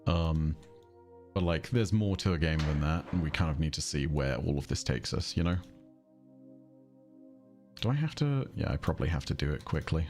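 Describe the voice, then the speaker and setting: A man from England with a southern English accent streams a game, chatting casually and rambling, then breaking off to react to the gameplay. His bass voice is animated and somewhat dark, at a moderate pace with long pauses, over faint background music.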